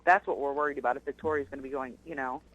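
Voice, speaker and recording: A woman's voice: a bass voice, fairly even intonation, racing, dull audio. A woman calling in to a radio talk show, asking eager questions one after another. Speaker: caller.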